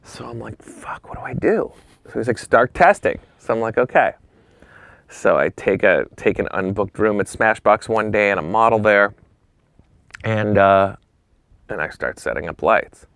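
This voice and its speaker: A man's voice: fairly low pitch, normal speed, vocal fry, smooth, dry recording. A man guest on a talk show, telling stories casually and acting out the other people in them. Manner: animated, acts out quoted voices; casual, swears freely. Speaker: interview guest. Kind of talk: storytelling anecdotes.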